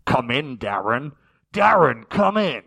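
A British man voicing an urgent male ranger who calls over a walkie-talkie, shouting and insistent. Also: mid-range voice, sing-song, takes it slowly, gravelly, breathy edge, no room sound, voice pushed down, exaggerated voice.

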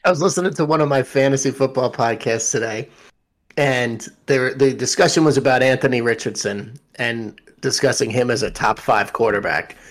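A man's voice: mid-range voice, normal speed. A man co-hosting a podcast, chatting casually about football, blunt and swearing. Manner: blunt, swears, jokes about his team. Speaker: podcast co-host. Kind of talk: casual sports chat.

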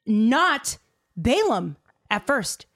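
A woman telling a story casually, animated and slangy with lots of fillers. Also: a little high, very slow.

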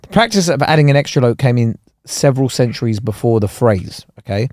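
A man's voice: mid-range voice, brisk, dry recording, clean studio sound. A man co-hosting a podcast, telling a comic story and laughing. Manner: animated, laughing, does voices. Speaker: podcast co-host.

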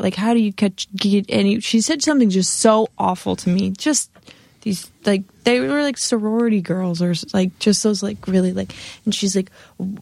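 A woman telling a casual story in conversation, with many "like" fillers and lively quoting of others. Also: mid-range voice, normal speed, gravelly, no room sound. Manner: storytelling, heavy use of "like", animated quoting. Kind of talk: casual chat.

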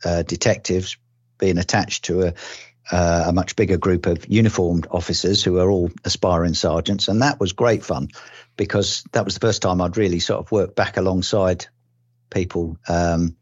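A very deep-voiced older man from England talks through his years as a detective, pausing on ums and restarting his sentences. He keeps a dry sense of humour throughout. The recording is dull and lo-fi with a dry, close sound. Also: steady tone, slightly rough, dry recording. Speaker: retired police detective. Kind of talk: relaxed oral-history recollection.

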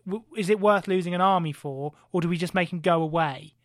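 A man co-hosting a podcast, retelling history in an animated comic way, full of swearing and rhetorical questions. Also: high-pitched, brisk, no room sound, studio quality. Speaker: podcast co-host.

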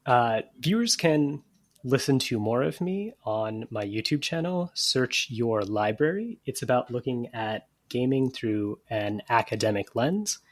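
A man's voice: mid-range voice, animated, a little slow. A man, a comedian guest on a podcast, making mock-earnest suggestions in a dry manner. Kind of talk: casual comedy podcast chat.

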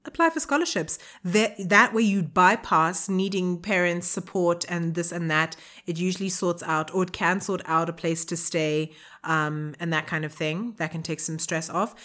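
A woman co-hosting a podcast, giving a listener advice in casual chat, upbeat and quick to laugh. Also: lowish voice, fairly bright tone. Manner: upbeat, laughs easily, speaks in numbered tips. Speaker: podcast co-host.

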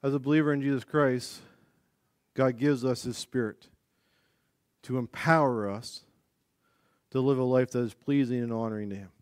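A male pastor preaching a sermon, moving from calm teaching into animated, demonstrative storytelling. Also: mid-range voice, normal speed, long pauses, clean tone, no echo, studio quality.

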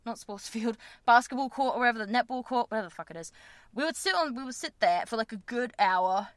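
Woman podcast host, casual and blunt, cusses easily, fairly high voice, dry close recording. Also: fast, dry recording. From Australia. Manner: frank, swears freely, laughs at herself. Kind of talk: casual solo podcast storytelling.

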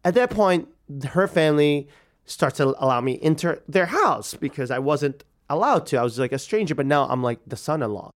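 A man's voice: on the high side, lively intonation, normal speed. A man telling a personal story in a conversational way, slipping into other people's voices as he recounts what they said. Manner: conversational, acts out dialogue.

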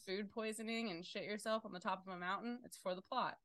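Animated, bright-voiced young woman storyteller. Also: medium pitch, quick pace, no room sound. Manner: animated storytelling, swears freely, loud outbursts. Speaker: podcast co-host. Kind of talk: casual chat.

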